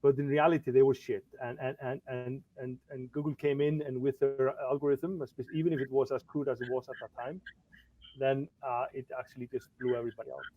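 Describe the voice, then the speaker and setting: Middle-aged man from Iceland, podcast guest, halting delivery with restarts, moderate pitch, dull lo-fi sound. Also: level tone. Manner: halting, many restarts and repeated words. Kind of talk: casual podcast chat.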